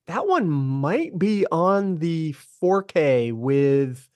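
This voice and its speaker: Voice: medium pitch, big pitch swings, extremely slow, a little mellow, no room sound. A podcast guest chatting playfully with quips about a cartoon special. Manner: playful, quipping. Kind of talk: podcast chat.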